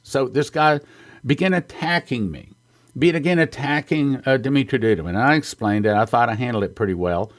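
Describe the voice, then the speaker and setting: A man's voice: medium pitch, expressive, normal speed. A man from the United States telling an earnest, storytelling testimony in a sermon, sometimes choking up with emotion. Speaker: ministry founder and speaker.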